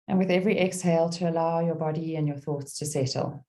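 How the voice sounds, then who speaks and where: Her voice low and warm, a middle-aged woman leads a meditation softly and without hurry, pausing gently between phrases. A poem reading follows, delivered with equal calm and soothing care.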